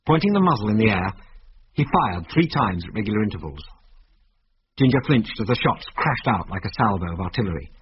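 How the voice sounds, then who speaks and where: A man narrating an adventure story in a measured, vivid reading. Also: lowish voice, sing-song. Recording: dull lo-fi radio recording with faint hiss.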